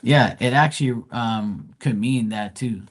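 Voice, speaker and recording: A man's voice: mid-range voice, unhurried. A man giving a casual live tarot reading, reading card text aloud and chatting loosely with plenty of fillers. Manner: casual, rambling with many fillers. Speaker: tarot reader.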